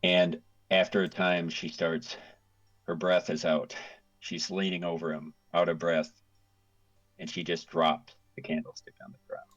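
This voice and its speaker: A man narrating as game master of a tabletop game, telling the scene in vivid, unhurried detail. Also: low voice, flat delivery, lo-fi sound.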